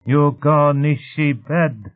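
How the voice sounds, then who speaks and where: A man's voice: fairly high pitch, takes it slowly, pitched above the performer's own voice. A man voicing a small alien creature that gives blunt orders in broken, clipped speech, heard through tinny phone-like audio. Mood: commanding.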